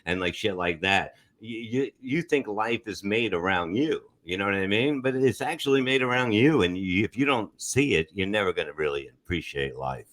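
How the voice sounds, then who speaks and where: A man's voice: on the low side, expressive, moderate pace, hardly any pauses, fairly bright tone. A man on a comedy podcast, rambling through casual banter, swearing constantly and repeating "you know what I mean". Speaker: podcast co-host.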